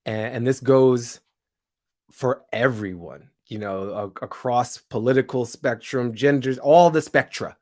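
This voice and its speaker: A man speaking as an interview guest, reflective and thoughtful, with quick asides and frequent laughs. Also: mid-range voice, darkish tone. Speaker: guest, comedian and show host.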